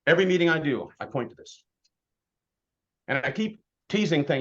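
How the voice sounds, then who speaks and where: A man giving a blunt, fired-up motivational talk to his team, swinging between loud bursts and hushed asides. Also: on the high side, lively intonation, normal speed, long pauses, highs cut off. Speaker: insurance agency leader speaking to his team.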